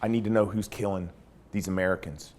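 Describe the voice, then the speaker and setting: A man's voice: low voice, a little fast. A middle-aged man, a former army interrogator, telling a story from his service and acting out the dialogue. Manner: animated storyteller, acts out dialogue. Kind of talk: storytelling talk.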